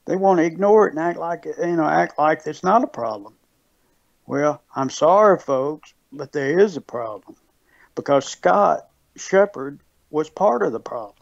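A man's voice: fairly high pitch, animated, measured pace, vocal fry, dry recording. A man from Mississippi with a Mississippi Southern accent, a guest talking earnestly in a casual conversation, often repeating himself and restarting. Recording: dull lo-fi recording.

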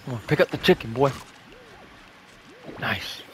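A young man giving live, excitable commentary over his own gameplay, swearing and shouting at sudden plays. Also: mid-range voice, unhurried, a little hiss or hum. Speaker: gaming YouTuber.

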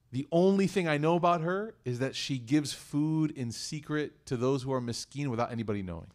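A man telling a religious story to a congregation, animated, swinging between loud emphasis and hushed asides. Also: medium pitch, fairly quick, hardly any pauses. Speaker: community religious speaker.

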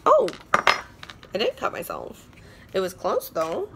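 A woman's voice: medium pitch, huge pitch swings, takes it slowly, creaky, very noisy. A young woman chatting casually while unboxing beauty products at home, bubbly and gushing, often repeating herself. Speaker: beauty vlogger. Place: indoors at home.

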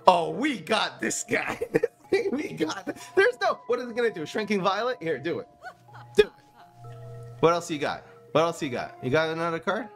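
A man's voice: sits high, normal speed, faint music behind. Guy streaming a card game, laughs a lot, roasts himself, voice jumps all over the place. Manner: excitable, laughing, self-mocking, talks to chat. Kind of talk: live-stream gameplay commentary.

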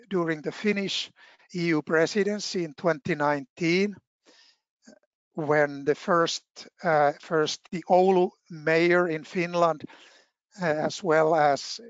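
A man with a slightly high voice presents to a webinar very slowly, pausing often with fillers. The video-call sound is dull and dry. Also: smooth, no room sound. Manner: measured, with frequent filler pauses. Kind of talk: formal presentation.

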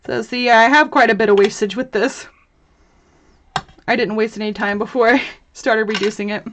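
A woman's voice: on the high side, fairly even intonation, moderate pace, fairly bright tone, a little hiss or hum. A young woman hosting a live crafting tutorial, chatty and bubbly, chatting with viewers as she works and laughing often. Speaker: host of a crafting livestream.

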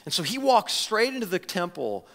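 A man preaching a sermon as a pastor, talking in an animated, conversational way with frequent restarts. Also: high voice, moderate pace, vocal fry, in a large hall. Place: church sanctuary.

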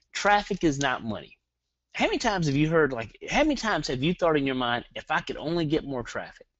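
A man with a Southern accent presenting a live online marketing webinar, energetic and hyperactive, firing rhetorical questions at his audience. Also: medium pitch, no room sound, dull audio.

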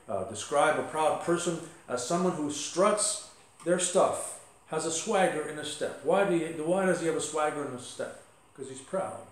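A male pastor giving a conversational sermon with asides and light humor. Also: a little high. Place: church sanctuary. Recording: echoey church sanctuary.

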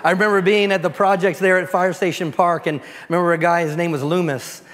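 Man, pastor, storytelling sermon, fairly high voice, long church reverb. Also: fairly even intonation, fast talker. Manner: storytelling, voice dropping low and soft for prayer. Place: church sanctuary.

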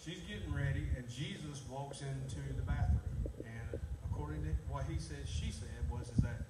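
A man's voice: medium pitch, normal speed. A middle-aged man preaching a sermon, telling a story with emphatic, repeated phrases. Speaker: pastor. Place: church sanctuary. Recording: echoey room, far from mic, loud background noise.

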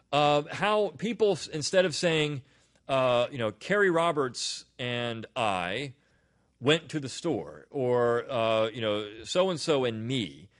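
A man hosts a weekly roundup in a loose, conversational way, drifting into asides and restarting his sentences as he goes. His pitch moves a lot, rising and falling with emphasis. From Delaware. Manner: rambling, with frequent restarts and asides. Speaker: podcast host. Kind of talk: casual spoken commentary.

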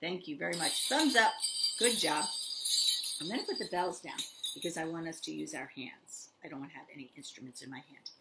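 An older woman leading a toddler story time, talking straight to small children in an animated, sing-song way. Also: low voice, brisk, creaky, very noisy. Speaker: children's librarian.

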